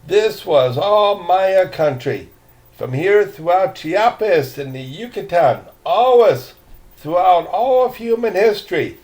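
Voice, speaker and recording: A disdainful jungle guide in a storybook reading, put on by an older man. He lectures with open scorn in a lively, rising and falling voice and takes his time over each word. The voice sits rather high for a man. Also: slow.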